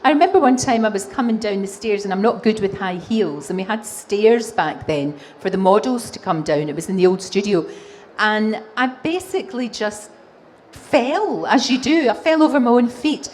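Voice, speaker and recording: A woman in her sixties with a Glaswegian Scottish accent, a TV presenter answering audience questions on stage, animated and laughing often. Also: mid-range voice, moderate pace, a little hiss or hum. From Scotland. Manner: animated storytelling with frequent laughs. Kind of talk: live stage Q&A. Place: exhibition hall stage.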